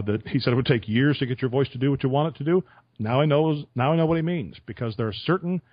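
A man's voice: mid-range voice, no room sound. Radio-veteran man, storytelling, dry slightly muffled recording. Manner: storytelling with chuckles. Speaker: radio interviewer. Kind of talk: conversational podcast interview.

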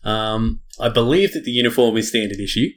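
A man's voice: fairly low pitch, fairly quick. A man co-hosting a casual podcast, rambling and teasing with plenty of fillers. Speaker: podcast co-host. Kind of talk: casual chat.

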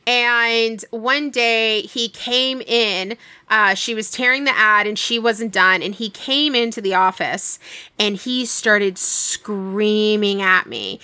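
Bright-voiced young woman telling a story. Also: mid-range voice, unhurried, no room sound. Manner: animated retelling with quoted dialogue. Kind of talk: casual storytelling chat.

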